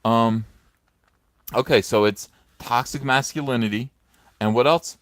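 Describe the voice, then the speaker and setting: Studio-quality audio with no room sound carries this medium-pitched male voice, which moves unhurriedly and leaves long pauses. The speaker, a middle-aged comics commentator, rambles with many fillers and mocks things sarcastically in a casual vlog shot on a phone on a stand.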